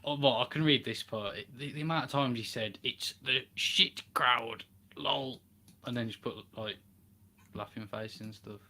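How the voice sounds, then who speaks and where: A man co-hosting a podcast, tossing in quick comments and questions. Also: medium pitch, a bit bright. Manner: short interjections, quick follow-up questions. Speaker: podcast co-host. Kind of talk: casual chat.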